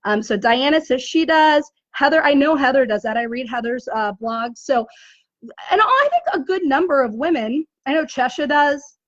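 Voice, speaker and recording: Chatty high-voiced woman in her forties. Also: moderate pace, no room sound. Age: 40s. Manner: chatty, animated, says "right?" often. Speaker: business coach. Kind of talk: casual live video talk. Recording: dull, muffled dry audio.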